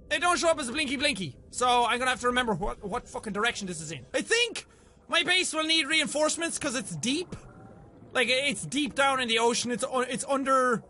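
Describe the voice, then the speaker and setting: A very high-voiced man chatting through a game session, his pitch leaping all over the place. His tone is bright and sharp, and he swears and yelps at every scare. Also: a little hiss or hum. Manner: excitable, swears freely, yelps when startled. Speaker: let's play gamer. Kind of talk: casual gameplay commentary.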